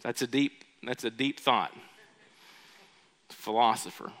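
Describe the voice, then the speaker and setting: A male pastor preaching a sermon, often asking the congregation questions and shifting his loudness. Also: medium pitch, steady tone, slow. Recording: long reverb of a large hall.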